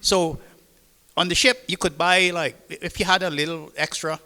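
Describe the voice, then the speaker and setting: An older man from the Cayman Islands with a Caymanian accent, telling lively seafaring anecdotes to an audience at a public talk. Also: on the high side, normal speed, in a large hall. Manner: lively anecdotal storytelling with acted-out dialogue. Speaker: retired seafarer on a panel. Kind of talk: storytelling to an audience.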